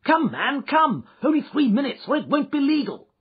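A man reading an audiobook, voicing a hurried, excited young male lawyer who shouts urgently, on a dull lo-fi recording. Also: very high-pitched, voice pushed up.

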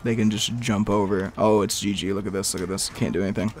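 A man's voice: lowish voice, fairly even intonation, fast talker, a little mellow, slight background noise. A young man giving rambling live commentary over his own gameplay, talking to himself and breaking into exasperated outbursts. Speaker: gaming video creator.

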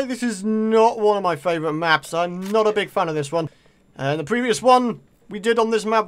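A British man talks his viewers through a match as he plays, excitable and quick to taunt his opponents. His voice sits high and swings widely in pitch. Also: smooth. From Britain. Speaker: gaming video creator. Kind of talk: live gameplay commentary.

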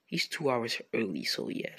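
Gravelly man rambling through a story. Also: medium pitch, wildly swooping pitch, normal speed, sharp tone. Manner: rambling, self-correcting, slangy. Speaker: fan storyteller. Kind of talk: improvised fan-fiction narration.

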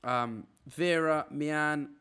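Young man reading names fast. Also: fairly high pitch, bright, forceful tone, clean tone. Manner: rattling off names in a quick run. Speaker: streamer. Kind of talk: casual live-stream chat. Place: apartment room.

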